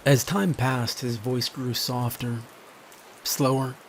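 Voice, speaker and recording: Slow, grave male horror narrator. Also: medium pitch, fairly even intonation, slight background noise. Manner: measured and grave. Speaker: storyteller.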